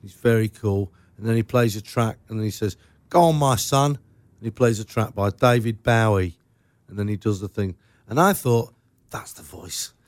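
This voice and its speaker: A man's voice: on the low side, steady tone, moderate pace, dry recording. A man hosting a radio show, chatting casually and joking with his guest, laughing often. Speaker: radio host. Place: radio studio.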